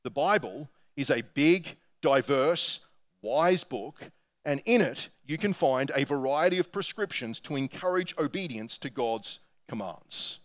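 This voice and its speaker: A man's voice: medium pitch, lively intonation, unhurried. A man with an Australian accent preaching a sermon, talking earnestly and conversationally and reading quotations aloud. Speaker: pastor.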